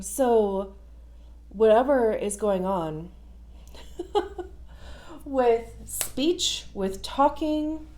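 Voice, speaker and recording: A stuffy-nosed woman hosts a casual tarot reading, speaking at an unhurried, drawn-out pace. She is chatty and often breaks off her sentences with fillers and restarts. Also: mid-range voice, dark tone. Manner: chatty, with frequent fillers and self-interruptions. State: stuffy nose. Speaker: tarot reader.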